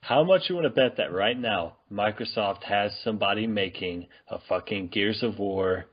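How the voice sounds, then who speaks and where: Raspy low-ish guy cracking crude jokes, muffled audio. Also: moderate pace. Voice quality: teasing, crude joking. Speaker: podcast co-host. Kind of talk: casual gaming chat. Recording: dull lo-fi sound.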